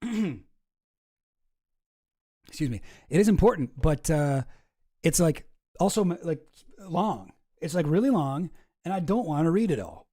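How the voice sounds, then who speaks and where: Rambling young man, mellow voice. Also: on the high side. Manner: rambling, swearing, restarts. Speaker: streamer host. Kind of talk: casual commentary reading news.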